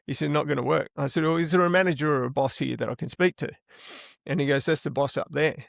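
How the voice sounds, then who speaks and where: A middle-aged man with an Australian accent swears his way through loose, rambling anecdotes as an interview guest. His gravelly voice is on the high side, with fairly even intonation and a quick pace, recorded dry at studio quality.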